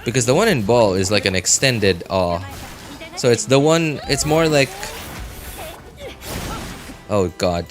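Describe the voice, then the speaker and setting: A man's voice: mid-range voice, expressive, measured pace, long pauses, soft background music. A young man chatting casually with viewers while streaming a game, rambling with lots of fillers. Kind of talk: casual live-stream chat.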